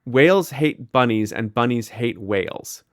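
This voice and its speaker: Male podcast co-host, mid pitch, casual deadpan humor, dry close mic. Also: a little slow, dry recording. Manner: playful deadpan joking. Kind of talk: casual chat.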